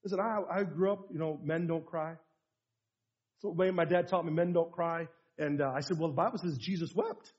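Middle-aged American male pastor, high voice, sermon storyteller swinging from hushed to fervent; muffled lo-fi recording. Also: moderate pace. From United States.

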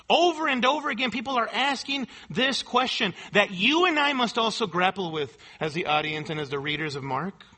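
A man's voice: sits high, lively intonation, fairly quick, few pauses, pushed and bright. A male pastor preaching a sermon with emphasis, repeating rhetorical questions to his congregation.

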